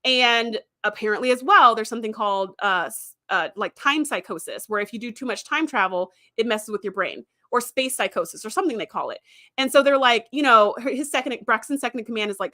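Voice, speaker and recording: Bright, chatty woman livestream host. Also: fairly high pitch, animated, a little fast, no room sound, studio quality. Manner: chatty, rambling, frequent ums and likes, laughs easily. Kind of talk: casual livestream chat reading viewer comments.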